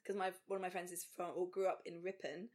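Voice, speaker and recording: A woman's voice: on the low side, little pitch movement, quick pace, darkish tone. A woman from England co-hosting a podcast, telling stories in a chatty, rambling way full of fillers. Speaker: podcast co-host. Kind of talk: casual podcast chat. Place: London.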